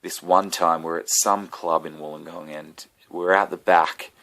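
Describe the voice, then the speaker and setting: A man's voice: sits low, fairly even intonation, unhurried, sharp tone. A man, a comedian, telling a rambling, profane story straight to camera with self-mocking asides. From Australia. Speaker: comedian vlogger. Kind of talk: rambling casual monologue.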